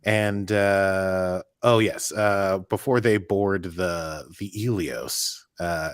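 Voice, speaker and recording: Deep-voiced playful man recapping. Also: dry recording, studio quality. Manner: playful, laughing, mock news-anchor asides. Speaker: podcast co-host. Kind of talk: casual recap chat.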